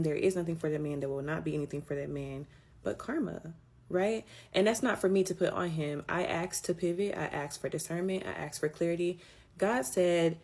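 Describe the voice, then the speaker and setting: A woman's voice: lowish voice, brisk, darkish tone. A woman casually recounting a painful breakup, candid and swearing, her voice climbing when she stresses a point. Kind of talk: casual storytime.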